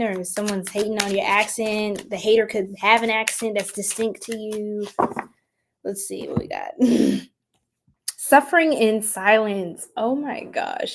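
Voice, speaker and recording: A young adult woman giving a casual tarot reading, chatty, laughing often and dropping into soft whispers. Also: mid-range voice, background noise. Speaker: tarot reader.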